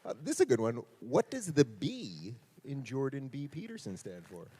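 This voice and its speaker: A man's voice: mid-range voice, huge pitch swings, normal speed, warm tone, breathy edge. A man moderating a live stage Q&A, playfully reading out questions from the audience.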